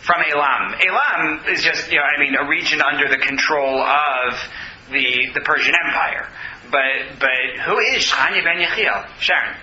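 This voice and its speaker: A man's voice: a little high, moderate pace, sharp tone. A man teaching a scripture study class, reading verses aloud, translating and explaining them, and taking questions from his students. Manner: reads Hebrew verses then translates, explains and takes questions. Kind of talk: text study lecture with questions. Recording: dull, roomy classroom audio.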